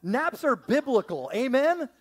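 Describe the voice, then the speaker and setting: A man with a notably high-pitched voice preaches a lively sermon to a church congregation. He jokes and riffs, dropping to a near-hush one moment and pushing loud the next. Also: unhurried. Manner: animated, joking, swings between hushed and loud. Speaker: pastor.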